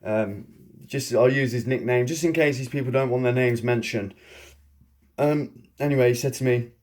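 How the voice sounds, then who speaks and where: A man telling a personal story in a casual vlog monologue, rambling and excitable, often chuckling. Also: mid-range voice, moderate pace. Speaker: vlogger.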